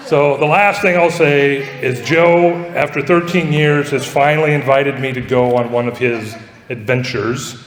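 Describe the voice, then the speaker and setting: A man's voice: medium pitch, moderate pace. A man giving a joking, profane roast speech to a laughing audience. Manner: joking, profane, laughing at his own lines. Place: large echoey party hall with audience. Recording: echoey hall, crowd noise.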